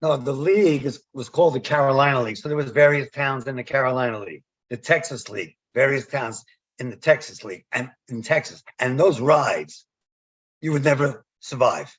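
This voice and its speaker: Guest spot: husky male storyteller, animated, dull lo-fi line. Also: mid-range voice, fairly quick. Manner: animated storyteller, acts out quoted dialogue. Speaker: guest, former umpire. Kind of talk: storytelling in a podcast interview.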